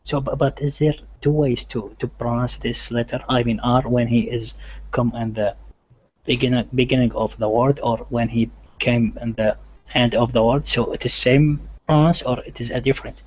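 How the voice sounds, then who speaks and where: Male learner, hesitant, non-native English, mid-pitched, lo-fi call sound. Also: fairly even intonation. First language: not English. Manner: hesitant, halting, restarts. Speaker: student. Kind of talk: asking questions in class. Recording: dull lo-fi online call audio.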